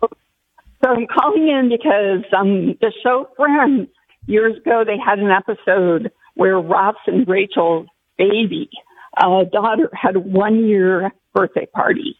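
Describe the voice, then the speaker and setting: A woman's voice: mid-range voice, takes it slowly, dry recording. Chatty giggly lady calling in, tinny phone sound. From California. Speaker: caller. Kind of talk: call-in chat.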